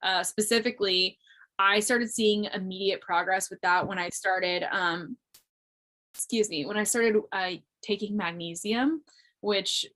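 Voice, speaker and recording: A woman's voice: medium pitch, steady tone, unhurried, pushed and bright. A woman in her thirties from Missouri, a guest in an interview, talking reflectively with many "like" fillers. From Missouri, USA. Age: 30s. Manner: reflective, frequent "like" fillers, light laughs. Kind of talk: casual interview talk. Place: remote audio interview.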